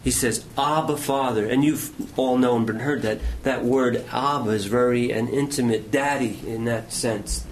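A man preaching a sermon with passion, swinging between strong emphasis and quiet, near-whispered lines. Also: mid-range voice, steady tone, a little hiss or hum. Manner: impassioned preaching with dramatic pauses and dropping to near whisper. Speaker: pastor.

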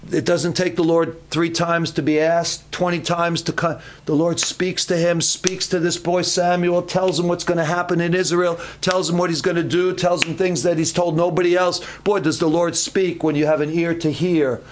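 A man preaching a sermon, telling a Bible story slowly and emphatically, acting out the voices. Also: fairly high pitch, little pitch movement. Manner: acts out voices in the story, calls names dramatically. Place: church.

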